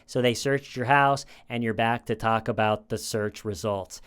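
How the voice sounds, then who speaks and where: A man talking through a true crime case in a loose, conversational way, circling back over phrases and restarting sentences. His voice sits at an ordinary middle pitch and comes across smooth and resonant. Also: steady tone, moderate pace, a bit bright. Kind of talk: casual commentary retelling an interrogation.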